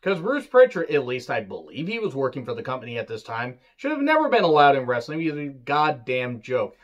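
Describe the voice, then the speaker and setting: A man reviewing in a loose, casual way, with sarcastic asides and angry, profane rants that flare up in louder bursts. His voice sits at an ordinary middle pitch. The recording sounds dull and lo-fi. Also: huge pitch swings, a little fast. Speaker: wrestling reviewer.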